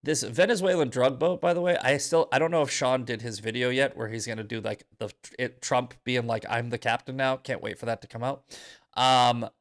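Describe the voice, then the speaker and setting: Raspy dude host going off on a profane rant, mid pitch. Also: male voice, a little fast. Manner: angry, profane, ranting. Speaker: podcast host. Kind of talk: heated commentary.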